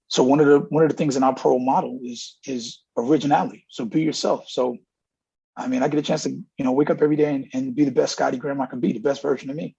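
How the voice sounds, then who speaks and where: A middle-aged college running backs coach, sitting as an interview guest, speaks candidly in a mid-range voice that is fast, fairly even, mellow, slightly rough and touched with vocal fry. He's an earnest storyteller who acts out lots of dialogue, and the audio is dull and lo-fi.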